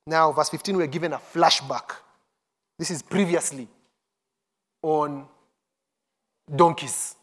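A man's voice: a little high, steady tone, slow pace, long pauses, fairly bright tone. A man preaching a sermon, reading scripture and acting out the quoted voices with urgency.

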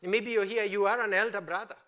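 A man preaching a sermon, passionately declaring, then dropping to hushed pleading with his congregation. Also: high-pitched, fairly even intonation, brisk. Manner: impassioned, swings from loud declaring to hushed pleading.

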